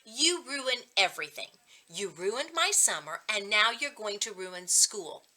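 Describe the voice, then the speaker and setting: A woman's voice: mid-range voice, expressive, a little slow, exaggerated voice, rough recording. A woman reading as a sulky, angry boy. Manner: shouting, sulky retorts. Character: angry sulky young boy, older brother. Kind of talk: reading a storybook aloud.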